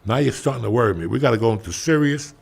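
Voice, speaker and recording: Middle-aged male stand-up, raspy and gravelly, animated profane podcast storyteller. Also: mid-range voice, rapid-fire. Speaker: stand-up comedian.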